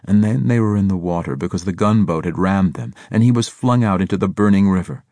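A man reading an audiobook in a steady, measured storytelling manner. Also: low-pitched, no echo. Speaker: audiobook narrator. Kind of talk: scripted narration.

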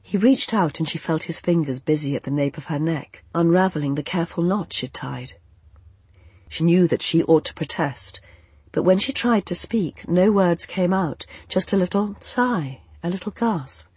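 Breathy, soft-voiced audiobook narrator. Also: medium pitch, normal speed, no echo. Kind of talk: scripted fantasy narration.

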